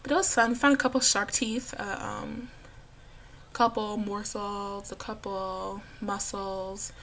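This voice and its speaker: A woman's voice: mid-range voice, flat delivery, measured pace, gravelly, a bit bright, slight background noise. A young woman in college chatting casually in a vlog, bubbly and giggly, with lots of "like" in her talk. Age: young adult. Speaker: college student vlogger.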